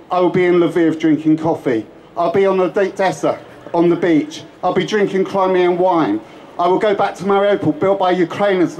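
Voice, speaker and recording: A man's voice: fairly high pitch, a little mellow, low-quality recording. A man giving an impassioned protest speech at an outdoor rally, with emphatic, repetitive rhetoric. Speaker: rally speaker.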